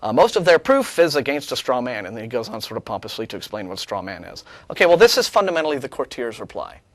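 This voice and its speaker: A man co-hosting a studio talk show, talking in a sarcastic, animated way, with many restarts. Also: medium pitch, quick pace, dry recording. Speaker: co-host. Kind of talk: casual studio discussion.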